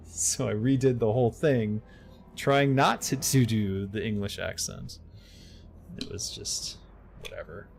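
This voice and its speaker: A man's voice: lowish voice, slow, gravelly, long pauses, soft background music. A middle-aged man streaming a game live, muttering to himself as he plays and then chatting openly with his viewers. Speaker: game streamer and voice-over narrator. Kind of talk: casual live gaming stream chat.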